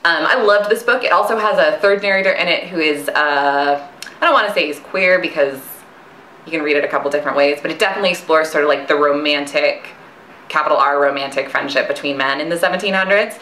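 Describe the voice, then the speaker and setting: A young woman chats enthusiastically about books she loves, her bright, forceful voice a little on the low side. She rambles with fillers and asides. The sound rings in an echoey room. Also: fast talker, slight background noise. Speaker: author and book recommender. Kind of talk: casual book recommendation video.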